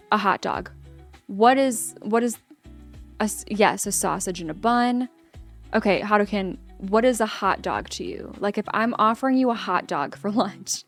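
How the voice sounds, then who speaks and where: A young adult woman streamer chatting casually with her live chat, rambling and cutting herself off mid-sentence. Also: medium pitch. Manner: rambling, self-interrupting, chatty. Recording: faint guitar music behind. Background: faint guitar music.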